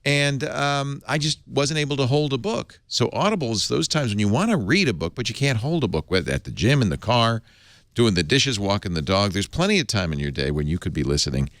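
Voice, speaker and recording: A man's voice: mid-range voice, sing-song, fairly quick, a bit bright, no room sound, clean studio sound. A man hosting a tech talk show, reading an ad in an enthusiastic, chatty, rambling way. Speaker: podcast host.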